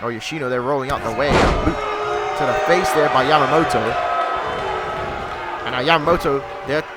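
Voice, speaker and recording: A man giving excited play-by-play commentary on a video game wrestling match, shouting at the big moves and talking to the folks watching. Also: mid-range voice, normal speed. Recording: loud game music and crowd noise behind. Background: video game wrestling crowd and music.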